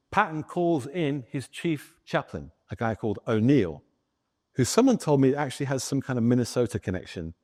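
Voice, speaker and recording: Animated man giving a history talk. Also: mid-range voice. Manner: animated storyteller, chatting with the audience. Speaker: guest speaker, author. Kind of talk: historical lecture to a live audience.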